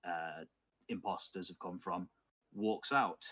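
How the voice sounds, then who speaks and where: Deep slow guy narrating a d&d game, lots of uhs and pauses. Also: fairly even intonation. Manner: unhurried, thoughtful, with many filler pauses. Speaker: game master.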